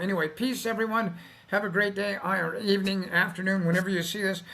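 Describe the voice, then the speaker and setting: Brief: tired, folksy male business-advice vlogger, high and bright voice, plain-spoken. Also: steady tone, brisk. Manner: folksy, acts out quotes of bankers and clients; plain-spoken, mild cursing. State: tired, yawning. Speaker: business funding company founder. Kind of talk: casual advice video monologue.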